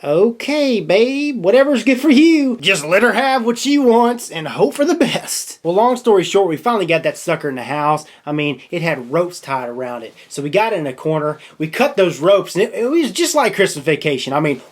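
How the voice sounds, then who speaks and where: Jokey dude doing a gear review vlog, laughs a lot, voice jumps way up on the funny bits. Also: male voice, fairly quick, few pauses. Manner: animated, jokey, laughs often, pitch leaps up for emphasis. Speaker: product reviewer. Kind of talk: casual storytelling and product review.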